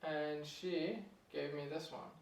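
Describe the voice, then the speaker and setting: A young man giving a casual piano lesson, relaxed and chatty, chuckling at himself now and then. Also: on the high side, takes it slowly, gravelly, recorded from a distance. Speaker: piano teacher. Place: room with a piano. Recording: echoey room, voice off-mic.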